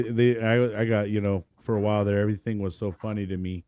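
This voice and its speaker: A man hosting a podcast, a Marine veteran who tells profane, animated stories and acts out the voices in them. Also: fairly low pitch, fast talker, few pauses, smooth, dry recording. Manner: profane, animated storyteller acting out quotes. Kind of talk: casual podcast chat.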